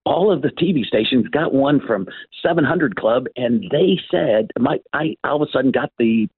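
An older man, an author appearing as an interview guest, tells animated stories and acts out the voices of the people in them. His medium-pitched voice is lively and slightly rough at a normal speed, with no echo, though the line sounds tinny and phone-like.

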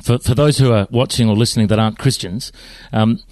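A man's voice: medium pitch, fairly even intonation, fairly quick, darkish tone, no echo. A man with an Australian accent who asks a guest questions in an easygoing, chatty way. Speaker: interviewer. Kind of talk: casual interview chat.

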